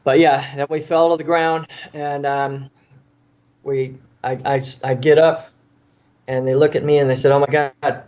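A man's voice: medium pitch, level tone, a little slow, darkish tone, dull audio. Earnest man telling a vivid story. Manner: earnest, vivid storytelling that acts out what people said. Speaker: interview guest, former police officer. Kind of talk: recounting a personal story in an interview.

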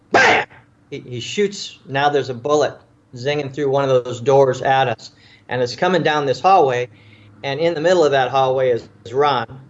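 A muffled recording carries this man's mid-range voice as he, a police officer and author, recounts a tense story in an interview. He restarts often and repeats words. He tells it vividly, acting out quoted voices.

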